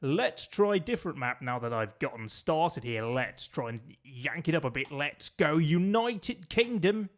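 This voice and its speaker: A man's voice: on the high side, big pitch swings, measured pace, few pauses. Chatty man, joking. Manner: chatty, joking, talks to viewers. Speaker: streamer. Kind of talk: casual gameplay commentary.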